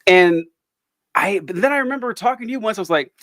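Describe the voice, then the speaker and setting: A man's voice: high-pitched, animated, fast talker, a bit bright, dry recording, clean studio sound. A man hosting a podcast, chatting casually, laughing often and repeating himself as he talks. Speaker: podcast host. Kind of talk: casual conversation.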